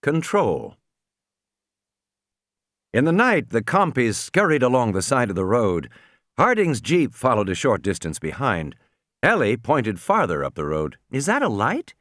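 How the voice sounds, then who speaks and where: A man narrating an audiobook with energy, his pitch swinging freely through the story. The sound is close and dry, with no room around it. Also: sing-song, measured pace, pauses often, a bit bright, no room sound.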